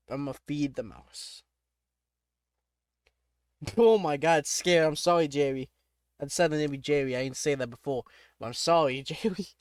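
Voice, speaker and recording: A man's voice: a little high, a little slow, long pauses, clean tone, no echo. A man playing a text adventure, reading the game text aloud and reacting casually, laughing often and breaking off with startled exclamations.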